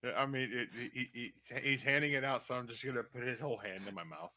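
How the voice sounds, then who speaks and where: Goofy male player, bright forward tone. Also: mid-range voice, fast talker. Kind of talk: casual tabletop play.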